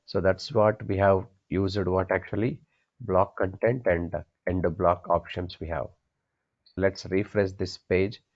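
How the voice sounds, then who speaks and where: Low-voiced man teaching a coding class. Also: darkish tone, muffled recording. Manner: asks the class questions and answers them himself; repeats key points. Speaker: programming instructor.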